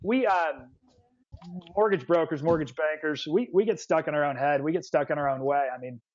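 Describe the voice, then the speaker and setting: A man appearing as a guest on a casual podcast, a mortgage banker speaking quickly and energetically. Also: a little high, dull audio.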